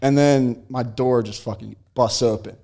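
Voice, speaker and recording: A young man chatting casually as a podcast guest, telling long stories in a relaxed way and laughing often. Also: mid-range voice, unhurried, creaky, very noisy. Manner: laid-back storytelling with frequent laughs. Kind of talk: casual chat.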